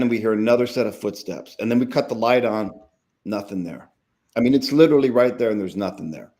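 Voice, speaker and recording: A man, a documentary filmmaker, telling a story casually as a guest, animated and quoting others, with frequent restarts. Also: lowish voice.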